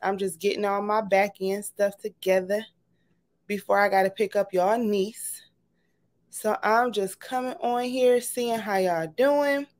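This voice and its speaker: A woman's voice: medium pitch, steady tone, measured pace, darkish tone. A woman hosting a casual livestream, bubbly and greeting her viewers one by one. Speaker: livestream host.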